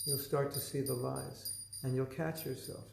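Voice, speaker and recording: A man's voice: mid-range voice, level tone, normal speed, gravelly, darkish tone, echoey room, a little hiss or hum, rough recording. A man giving a spiritual class in a conversational style, acting out the voices people use in their heads and often laughing. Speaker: spiritual teacher. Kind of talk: lecture reading from his own book. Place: lecture room.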